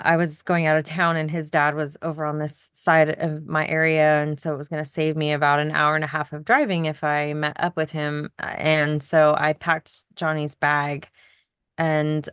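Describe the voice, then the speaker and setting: A middle-aged woman co-hosting a podcast, telling a story in casual chat with soft laughs. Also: low-pitched, smooth, no echo, studio quality. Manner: reflective, storytelling, laughs softly between points. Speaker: podcast co-host.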